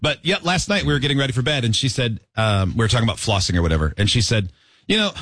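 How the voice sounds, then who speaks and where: A man hosting a casual podcast, quick to joke and tease. His pitch moves a lot, and his voice has a slightly husky edge in a dry room. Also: no room sound. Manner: joking, lively, quick to tease. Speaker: podcast host. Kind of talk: casual chat.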